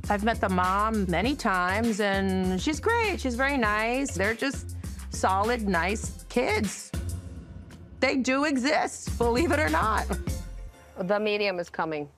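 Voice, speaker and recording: A woman's voice: fairly high pitch, animated, takes it slowly, fairly bright tone, faint music behind. A woman in her fifties, a cast member on a reality show, talking in a chatty, playful way and laughing often in casual chat and confessional asides.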